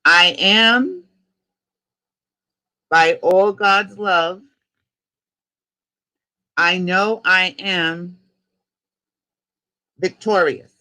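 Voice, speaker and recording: A man from New York with a New York accent, a spiritual coach leading listeners through slow, rhythmic chanted decrees for them to repeat. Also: sits high, bright, forceful tone, clear, resonant tone.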